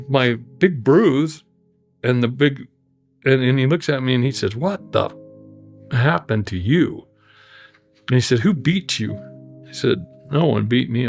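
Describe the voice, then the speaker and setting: A man telling his personal testimony in an earnest, halting way, often restarting his sentences. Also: mid-range voice, creaky. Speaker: guest telling his story.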